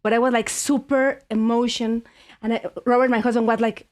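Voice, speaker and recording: Telling a story on her podcast in a casual chat, this Mexican host talks briskly in a high-side voice. Spanish is her native language, and her Mexican Spanish accent comes through. She is animated, with many restarts and fillers.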